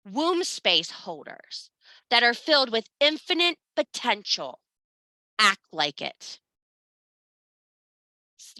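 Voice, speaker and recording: A woman's voice: medium pitch, pushed and bright, no echo. A woman teaching a spiritual class, blunt and profane, scolding and urging her students. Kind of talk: blunt motivational class talk.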